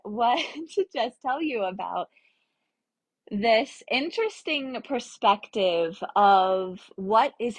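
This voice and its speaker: A young woman chats on a live stream in a soft, breathy voice that sits at an ordinary middle pitch. The sound is close and dry, with no room around it. She talks in an animated, laughing way and keeps checking in with her listeners. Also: no room sound. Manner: chatty, animated, laughs often, addresses viewers with "okay?". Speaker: spiritual teacher hosting a live stream. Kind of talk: casual live-stream talk. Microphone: headphone mic.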